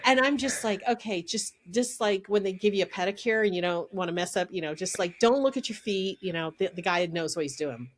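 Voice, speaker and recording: A middle-aged woman, a podcast guest, telling a story in a lively, casual way and laughing as she goes. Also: medium pitch, fairly quick, few pauses.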